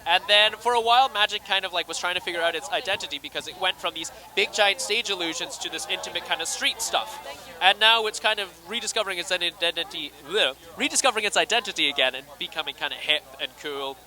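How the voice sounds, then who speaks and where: A man with a Scottish accent, chatting quickly and animatedly in an interview at a red carpet event. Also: sits high. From Scotland. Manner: fast, animated, acts out quoted voices. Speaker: interviewee, actor and magician.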